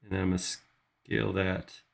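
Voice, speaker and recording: A man's voice: deep voice, level tone, normal speed, gravelly. A man hosting a live 3D modeling tutorial, casually thinking aloud as he works. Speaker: host modeling in 3D software.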